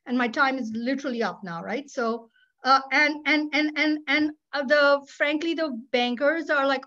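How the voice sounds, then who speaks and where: High-voiced, outspoken older woman lawyer. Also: moderate pace, muffled recording. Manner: animated, candid, with sarcastic asides. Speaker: public interest lawyer. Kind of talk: webinar panel talk. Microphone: video call.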